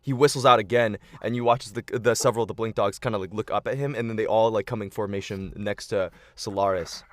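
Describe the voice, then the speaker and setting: A young man narrates a tabletop game as its game master. He fills his lines with loose, casual fillers. His voice is low-pitched and recorded close and dry. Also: steady tone, fast, fairly bright tone, no echo.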